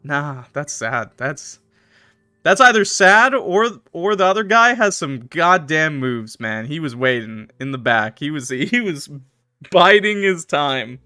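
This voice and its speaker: A young man playing a horror visual novel, reading the narration aloud and cutting in with crude jokes and loud laughs. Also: on the high side, very animated, measured pace, smooth, no echo, clean studio sound. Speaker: let's play streamer. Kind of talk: reading aloud and joking commentary. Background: faint game music.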